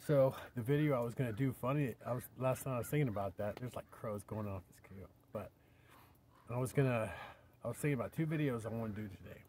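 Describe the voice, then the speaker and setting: An older man talks to camera in a loose, rambling vlog, sometimes sinking into a near whisper. His voice sits at an ordinary middle pitch. A faint outdoor hum sits behind him. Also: fast, a little mellow. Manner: rambling, drops to a whisper at times. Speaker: vlogger. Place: camping by his vehicle outdoors.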